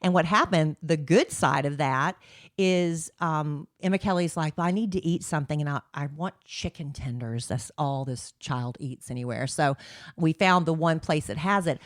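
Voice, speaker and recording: A woman's voice: low voice, moderate pace, no echo, clean studio sound. A woman in her forties co-hosting a podcast, telling a long story in a chatty way with lots of fillers. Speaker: podcast co-host. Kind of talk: casual chat.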